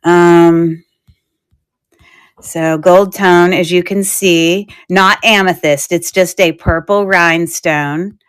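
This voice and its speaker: A woman with a fairly low, clean voice speaks slowly and steadily while hosting a live jewelry sale for her online shop. She's chatty and giggly with viewers, full of fillers.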